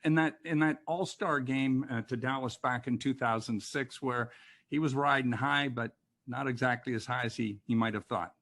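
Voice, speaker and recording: A man's voice: mid-range voice, moderate pace, a bit bright. A man hosting a podcast, asking questions in a casual, conversational way with frequent short agreements. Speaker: podcast host. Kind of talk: casual interview.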